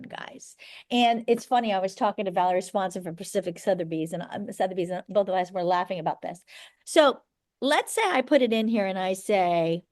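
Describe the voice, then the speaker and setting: A middle-aged woman broker teaching a class of agents, blunt and brisk, often checking that everyone follows. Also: medium pitch, a little mellow. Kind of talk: live training class.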